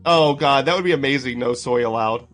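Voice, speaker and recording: A man's voice: mid-range voice, a little fast, fairly bright tone, soft background music. A man casually commenting on clips during a live stream, reading out chat names and laughing often. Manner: chatty, laughs often, greets chat by name.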